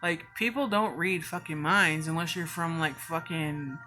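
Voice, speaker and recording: Low-voiced woman telling a storytime. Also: a little slow, over music. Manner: casual, heavy cursing, frequent "like" fillers. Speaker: vlogger. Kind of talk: storytime vlog.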